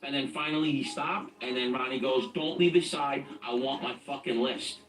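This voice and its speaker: A man's voice: mid-range voice, fairly even intonation, normal speed, fairly bright tone. A middle-aged man telling his own story as a guest in a blunt, streetwise and profane way. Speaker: guest recounting his past. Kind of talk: casual spoken storytelling. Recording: echoey, distant from the mic, faint music.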